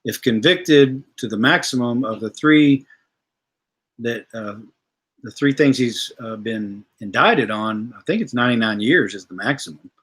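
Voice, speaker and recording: A man's voice: mid-range voice, a little slow, a bit bright, breathy edge. A man, hosting a livestream, ranting bluntly and profanely while reading viewer comments. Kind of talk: casual livestream rant.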